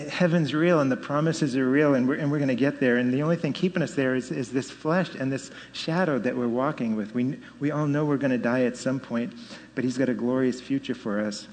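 A man in his fifties giving a personal faith testimony, telling it with animated storytelling and rising emphasis. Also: medium pitch. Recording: long hall reverb.

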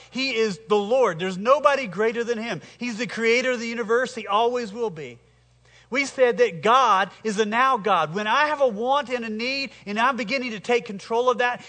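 A man preaching a sermon as pastor, speaking slowly and emphatically and calling the congregation to repeat lines after him. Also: high voice, bright, forceful tone, big-room sound. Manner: slow, emphatic preaching with congregation call-and-response.

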